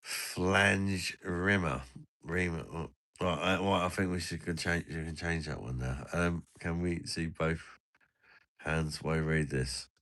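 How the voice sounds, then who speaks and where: Low-voiced guy doing crude pub banter, laughs a lot, reads out rude names. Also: normal speed, fairly bright tone. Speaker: host. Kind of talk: crude joking chat while reading beer names.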